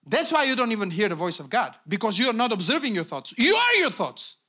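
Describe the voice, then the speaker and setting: A middle-aged man preaching a sermon as pastor, emphatic, calling out to the congregation and swinging from low asides to shouted peaks. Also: big pitch swings, quick pace.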